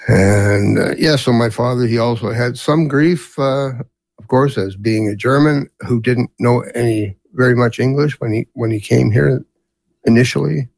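Gravelly older man telling stories. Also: medium pitch, normal speed, darkish tone. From Canada. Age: 70s. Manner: rambling, with many fillers and restarts. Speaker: guest. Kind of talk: storytelling in a casual interview.

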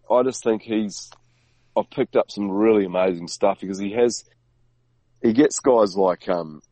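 Deep-voiced man rambling about podcasts. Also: dark tone, no echo, low-quality recording. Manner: rambling, halting, many restarts and fillers. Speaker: podcast guest. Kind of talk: casual conversation.

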